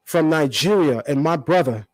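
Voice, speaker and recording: A man hosting his own channel, talking back at a critic in an animated, combative commentary with emphatic repetition. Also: on the high side, moderate pace, background noise. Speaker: channel host. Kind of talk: confrontational commentary vlog.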